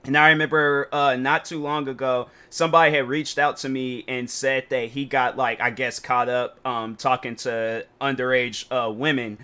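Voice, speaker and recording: A man's voice: medium pitch, level tone, moderate pace, hardly any pauses, sharp tone, smooth. A man giving casual reaction commentary as a YouTuber, exasperated and rambling, with slang and many restarts.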